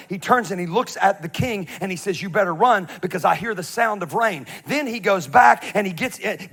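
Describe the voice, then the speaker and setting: A middle-aged male pastor preaching a humorous sermon, swinging from hushed confession to shouted scripture readings. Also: high-pitched.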